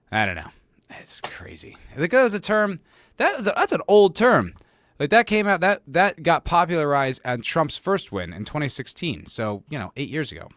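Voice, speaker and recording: A man's voice: a little high, huge pitch swings, normal speed, fairly bright tone, dry recording. A man hosting his own podcast, talking casually and sarcastically, rambling and swearing, often laughing at his own jokes, on a close desk mic at home. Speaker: podcast host. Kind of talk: casual solo commentary.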